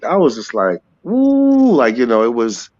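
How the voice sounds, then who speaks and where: A man's voice: mid-range voice, lively intonation, brisk, lo-fi sound. A man from New York, a rapper guest, talking loosely in a casual interview and drifting from one thought to the next. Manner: rambling, sings snatches of songs.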